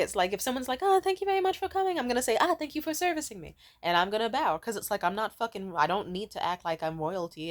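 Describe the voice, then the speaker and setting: A woman telling a story in a casual, ranting way, sarcastic and profane, full of filler words. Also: medium pitch. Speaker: vlogger.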